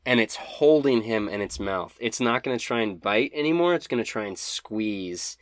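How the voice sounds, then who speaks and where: Male game master, low voice, dry close sound, relaxed narration. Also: moderate pace, no echo. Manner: relaxed, laughing at own dice rolls.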